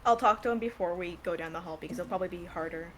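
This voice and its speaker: A woman playing a tabletop game, chatting casually with quick asides. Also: lowish voice. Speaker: player. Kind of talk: tabletop role-play chat.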